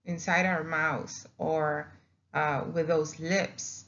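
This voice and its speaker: Slow-spoken woman teaching Spanish vowels. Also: deep voice, little pitch movement, a bit bright. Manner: explanatory, repeats words, demonstrates vowel sounds. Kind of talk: recorded classroom lesson. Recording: dull lo-fi recording.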